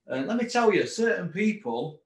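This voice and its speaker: Sing-song and high-pitched, the boxing host rants at a moderate pace against a roomy echo. The middle-aged man keeps firing off sarcastic, mocking rhetorical questions in this casual monologue.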